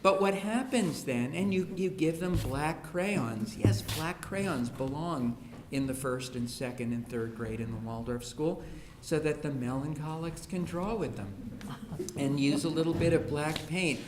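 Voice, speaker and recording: His voice sits on the higher side and his delivery is measured as he gives a humorous education talk to an audience. Playing the parts of parents and children in his stories, he speaks in a school hall whose echo and faint hiss come through on the recording.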